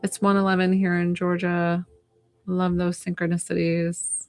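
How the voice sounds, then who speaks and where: Lady chatting on a live stream, low gravelly voice, giggly, lots of likes and ums. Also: monotone, moderate pace, faint music behind. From United States. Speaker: psychic medium hosting a live stream. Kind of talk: casual live-stream chat.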